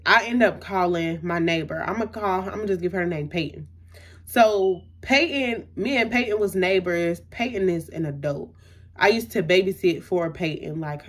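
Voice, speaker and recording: With a fairly low, slightly rough voice, this young woman vlogs about something that happened to her. Her storytelling is chatty and filler-heavy, and she performs the quotes of the people involved.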